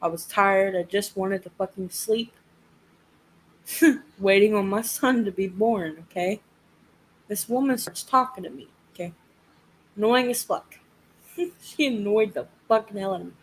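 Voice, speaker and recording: A woman's voice: mid-range voice, a little slow, long pauses, a little hiss or hum, rough recording. A young woman telling a story in casual chat, swearing freely and laughing often. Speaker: live chat host.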